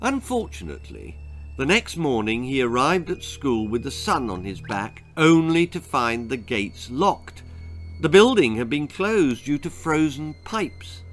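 A man's voice: mid-range voice, lively intonation, measured pace, faint music behind. A man reading his own children's story aloud in a relishing, theatrical manner.

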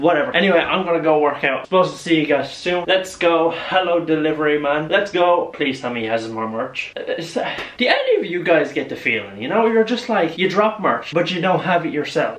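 A man's voice: fairly high pitch, lively intonation, brisk, few pauses, a bit bright. A young man in his twenties with an Irish accent, rambling playfully in a casual vlog. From Ireland. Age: 20s. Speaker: vlogger. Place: at home and walking outdoors. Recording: roomy echo with faint noise.

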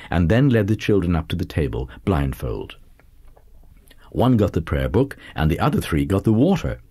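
A man narrating a literary audiobook in a measured, lively reading. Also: low-pitched, husky, no room sound.

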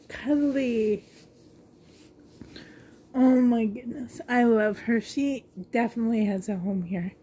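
Slow, gushing woman vlogger. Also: on the high side, darkish tone, a little hiss or hum. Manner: gushing, breathy with delight, slow. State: coughing. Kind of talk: casual unboxing vlog.

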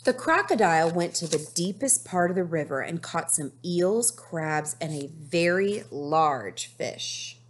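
A woman teacher reading a picture book aloud to children, slow and expressive, stopping to ask the class questions. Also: on the low side, slight background noise. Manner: slow, expressive storytelling with asides to pupils.

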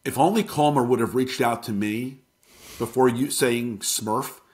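A middle-aged man telling a painful personal story as an interview guest, halting and emotional. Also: mid-range voice.

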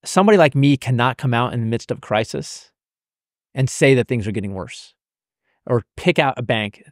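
A man's voice: mid-range voice, expressive, moderate pace, no room sound, studio quality. Emphatic American man explaining banking. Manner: emphatic, stutters and repeats words. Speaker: banking analyst guest. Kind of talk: conversational explaining.

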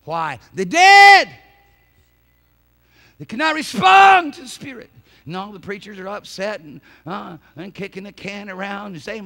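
A man preaching a sermon as pastor in a church. He repeats and restarts phrases, and builds from quiet talk to shouted preaching. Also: high voice.

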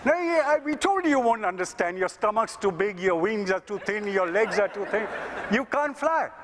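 A man's voice: high voice, expressive, normal speed, long reverb tail, background noise, voice pushed up. A man voicing pompous male scientists who talk down to a woman in a dismissive, lecturing way. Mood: smug.

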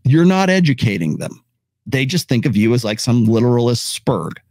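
A male podcast host giving casual, opinionated commentary, animated and blunt, with occasional swearing. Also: mid-range voice, normal speed, no room sound. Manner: animated, acts out quoted voices, swears.

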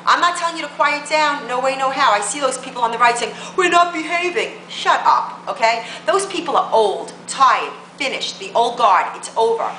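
A woman's voice: sits high, animated, a little fast, hardly any pauses, pushed and bright, roomy sound, a little hiss or hum, poor audio. A woman political blogger delivering a combative rant to camera, full of emphatic rhetorical questions.

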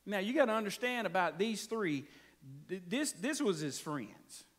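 A man's voice: high voice, sing-song, normal speed, a bit bright. A man preaching a folksy, conversational sermon, often checking in with his congregation. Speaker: pastor.

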